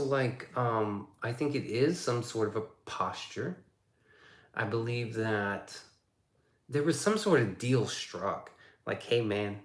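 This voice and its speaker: A man's voice: lowish voice, a bit bright. A man casually chatting on a livestream, reading viewer comments aloud and joking with plenty of profanity. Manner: loose, joking, profane, reads chat aloud. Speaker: livestream host reading chat. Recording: roomy echoey sound.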